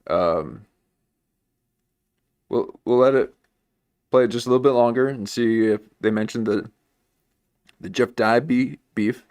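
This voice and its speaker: A man hosting a casual livestream, making dry, deadpan asides. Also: mid-range voice, measured pace, long pauses, clean tone, no room sound. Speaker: podcast host.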